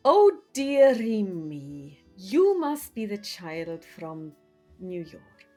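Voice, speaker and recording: A woman voicing an older female school cook, brisk and motherly, in a slow, drawn-out, high put-on voice. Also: big pitch swings, dark tone, faint music behind, full character voice. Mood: welcoming.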